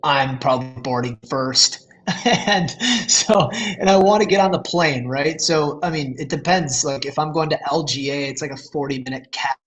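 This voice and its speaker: A man's voice: a little high, normal speed, fairly bright tone, poor audio. A man talking casually as a podcast guest, rambling with lots of fillers and restarts.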